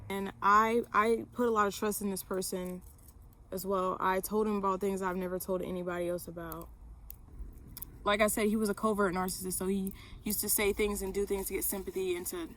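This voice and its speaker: A woman's voice: medium pitch, normal speed, gravelly, fairly bright tone. A young woman vlogger telling a personal story to camera, candid, with lots of fillers and swearing.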